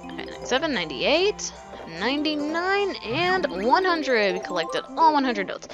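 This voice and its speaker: A woman's voice: a little high, lively intonation, normal speed, muffled recording, music in the background. A woman gamer giving rambling, casual let's play commentary, full of fillers and casual swearing.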